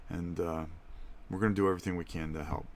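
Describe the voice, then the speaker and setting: Middle-aged man, very low voice, casual live-stream host, chatty with viewers. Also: steady tone, fast. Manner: chatty, speaks directly to viewers.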